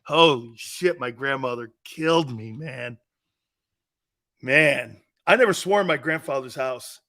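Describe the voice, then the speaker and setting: A man's voice: medium pitch, measured pace, a bit bright. A man hosting a sports talk show, telling stories in a boisterous, casual way, laughing often and swearing freely. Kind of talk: casual chat and storytelling.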